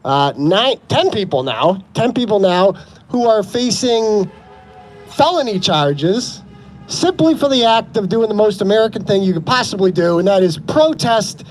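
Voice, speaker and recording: A man's voice: high voice, expressive, a little slow, soft background music. A man giving an impassioned, sarcastic speech at an outdoor street protest. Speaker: protest speaker.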